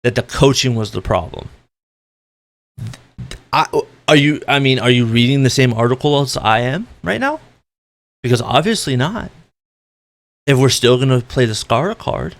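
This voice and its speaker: A man in the middle of a blunt, exasperated rant for his vlog, swearing freely. His voice sits at an ordinary middle pitch. He jumps up in bursts, then sinks back into weary, slower stretches. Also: animated. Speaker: esports commentator. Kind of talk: ranting opinion vlog.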